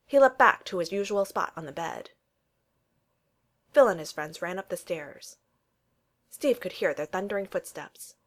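A woman reading a children's storybook aloud, animated and changing her voice for the dialogue. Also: on the low side. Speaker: narrator.

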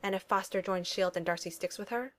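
A woman's voice: mid-range voice, fairly quick, lightly acted. Woman reading a wisecracking male inventor, confident and flippant, mid-range. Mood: wry. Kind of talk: audiobook reading of fan fiction.

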